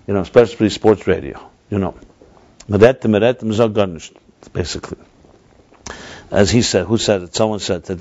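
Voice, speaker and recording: A man's voice: fairly low pitch, darkish tone, dull audio. A man teaching a religious class in a discursive lecture, often correcting himself mid-sentence and mixing in Hebrew and Yiddish terms. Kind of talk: explanatory lecture.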